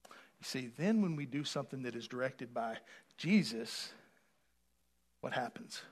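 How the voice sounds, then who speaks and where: In a measured, expressive, mid-range voice, a male pastor delivers a sermon that alternates between soft asides and loud, rising appeals, inviting responses from the congregation.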